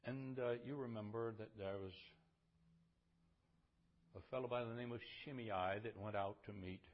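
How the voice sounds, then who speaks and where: A man's voice: lowish voice, fairly even intonation, normal speed, highs cut off. A man preaching a sermon, retelling scripture in a conversational way and building to fervent emphasis.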